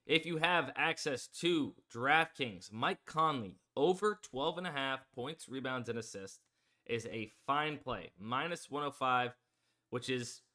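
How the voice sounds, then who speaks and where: With a mid-range voice that sounds pushed and bright, a male livestream host talks sports betting. He reads odds, plugs promo codes, and wanders along loosely, leaning heavily on fillers.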